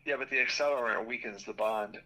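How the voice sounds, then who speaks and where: A man's voice: mid-range voice, quick pace, pushed and bright, low-quality recording. A man co-hosting a casual chat, giving practical tips in a matter-of-fact way. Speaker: co-host.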